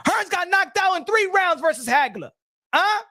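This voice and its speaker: A man's voice: extremely high pitch, expressive, normal speed, bright, forceful tone. A man hosting a boxing talk show, ranting heatedly and repeating himself with a lot of profanity. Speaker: boxing commentary host. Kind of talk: casual ranting commentary.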